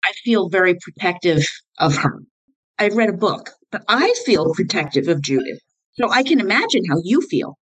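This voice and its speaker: Woman host, mid-pitched, engaged listener who chimes in often. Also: animated, slightly rough, no room sound, poor audio. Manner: engaged, reacting with quick interjections. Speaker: podcast host. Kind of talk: conversational interview.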